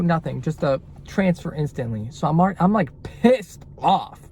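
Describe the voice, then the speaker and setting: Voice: mid-range voice, a little slow, slight background noise. A young adult delivery-driver vlogger ranting in a casual, exasperated, profane way. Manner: animated, exasperated, swears a lot. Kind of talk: casual vlog rant.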